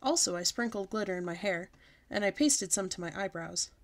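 Lady reading a kids book out loud, lively and expressive. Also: mid-range voice, brisk. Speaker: storyteller. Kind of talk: reading a children's book aloud.

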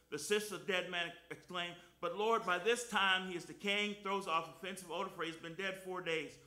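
An older man preaching a fervent sermon in church, breaking into loud hallelujahs and softening when he reads scripture. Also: high-pitched, reverberant. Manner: fervent, shouting hallelujahs, drops soft for scripture. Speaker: guest preacher. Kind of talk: lively Easter sermon with scripture reading.

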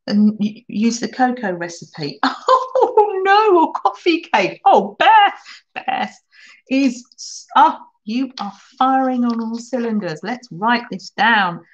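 Chatty woman hosting a slow live craft stream. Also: a little high, dull audio. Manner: chatty, enthusiastic, answers live chat comments. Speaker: crafting channel host.

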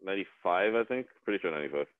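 Low-voiced man on a tinny, dry line. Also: lively intonation, racing, background noise. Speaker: podcast co-host. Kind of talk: casual chat.

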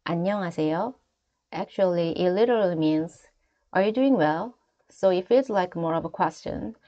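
A woman with a Korean accent, a native Korean speaker, teaching travel phrases in a clear, deliberate lesson voice. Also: on the low side, muffled recording. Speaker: language teacher. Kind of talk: scripted lesson narration.

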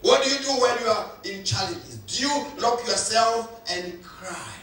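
High bright preacher in echoey hall. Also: male voice, measured pace, recorded from a distance, faint music behind. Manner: preaching with emphatic repetition. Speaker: pastor. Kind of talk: sermon. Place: church hall.

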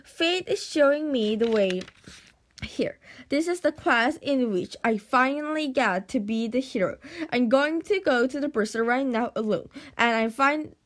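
A woman voicing an excitable boy with a wild, grandiose streak who declaims his plans. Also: high voice, measured pace. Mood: excited.

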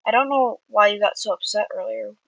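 Gentle worried big brother as a woman reads him, soft murmury voice, dry sound. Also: medium pitch, fairly quick, gravelly, no echo, rough recording. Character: gentle worried older brother, young man.

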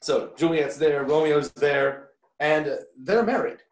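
एक पुरुष शिक्षक, जो आराम से, बार-बार "अम" कहते हुए और मज़ाकिया टिप्पणियों के साथ पाठ समझाता है।. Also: male voice, fairly high pitch, slow pace, reverberant, poor audio. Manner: relaxed, lots of ums, joking asides. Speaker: teacher. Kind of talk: casual recorded lesson.

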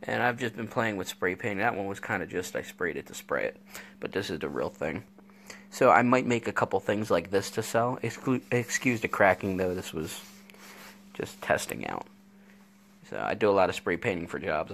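Male stream host, lower voice, loose chatty storyteller, talking into a phone in his workshop. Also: animated, normal speed, gravelly, fairly bright tone, a little hiss or hum. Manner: rambling, chatty storytelling with frequent fillers. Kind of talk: casual live-stream chat. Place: indoor home workshop. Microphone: phone camera.

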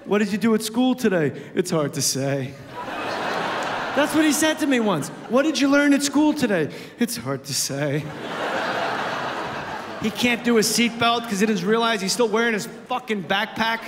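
A man performing stand-up comedy about raising his son, energetic, shouting his punchlines and going soft for the asides. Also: extremely high pitch, fairly quick, few pauses. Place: comedy club stage. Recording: echoey club with noise.

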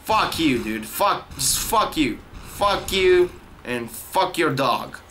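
A young man commentating his gameplay, swearing constantly, taunting the game and shouting in frustration. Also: medium pitch, sing-song, takes it slowly, slight background noise. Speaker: gaming YouTuber. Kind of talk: profane rage-quit gameplay commentary.

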